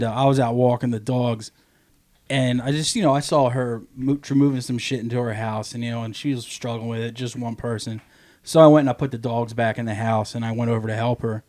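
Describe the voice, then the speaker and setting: A man on a casual podcast telling a story, swearing a lot and jumping into a high, goofy voice when he quotes people. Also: a little mellow. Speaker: podcast co-host. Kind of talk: casual chat.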